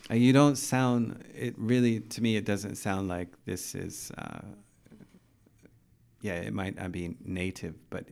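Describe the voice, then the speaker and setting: A man with a fairly low voice hosts a casual interview as an English teacher. He talks in a chatty, encouraging way, firing off question after question. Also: flat delivery, unhurried, creaky, darkish tone. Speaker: podcast host, English teacher.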